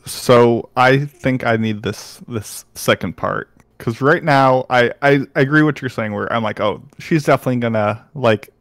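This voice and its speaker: A man's voice: mid-range voice, moderate pace, hardly any pauses, no room sound. Young guy podcast cohost, super dry mic, easygoing rambly chat. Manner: relaxed, loose, filler-heavy talk. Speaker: podcast co-host. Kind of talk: casual anime review chat.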